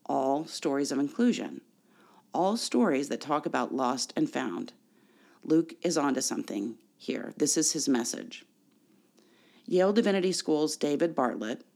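Pastor, sermon, measured delivery, rhetorical questions, mid pitch. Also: creaky, a little mellow.

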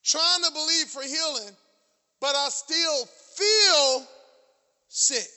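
Man, pastor, high voice, very bright, shouting sermon, repeated phrases, long hall echo. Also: slow pace.

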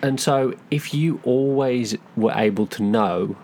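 A woman's voice: very deep voice, measured pace, dark tone, a little hiss or hum. A woman co-hosting a casual chat podcast, laughing often and putting on playful voices. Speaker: podcast co-host.

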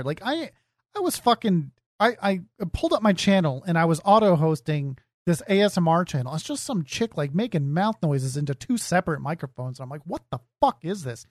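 A man's voice: high-pitched, dry recording, clean studio sound. A man streamer talking casually, mocking and profane. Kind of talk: casual podcast chat.

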